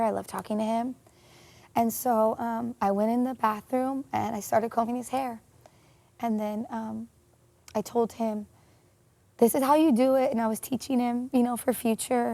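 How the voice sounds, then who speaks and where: A woman telling a painful personal story in an interview, earnest and emotional, with many pauses and fillers. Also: a little high, gravelly, darkish tone, no echo. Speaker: interview guest.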